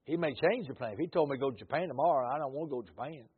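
An older man with a Mississippi Southern accent, a missionary preacher telling folksy stories in a sermon, swinging from loud to low. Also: rapid-fire, slightly rough. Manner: storytelling, rises loud then drops low. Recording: tinny phone-like audio.

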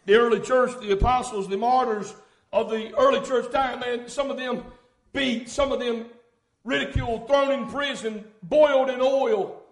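A man preaching a fervent sermon in a church, swinging from hushed tones to loud shouting and calling out "hey, listen.". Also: very high-pitched, unhurried. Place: church sanctuary. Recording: echoey church room.

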